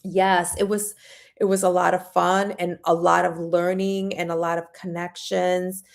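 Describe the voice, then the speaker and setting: A woman hosting a casual livestream, chatting warmly and reading viewer comments aloud. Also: fairly low pitch, level tone, unhurried, vocal fry. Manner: frequent fillers and restarts. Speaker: livestream host.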